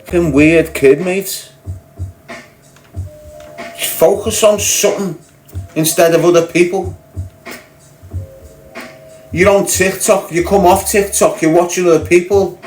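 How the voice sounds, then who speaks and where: A man's voice: high-pitched, steady tone, unhurried, long pauses, a little mellow, soft background music, poor audio. A man with a Scouse accent delivering a confrontational, mocking rant as a podcast guest. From Liverpool, England. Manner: confrontational, mocking, blunt and sweary. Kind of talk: ranting monologue.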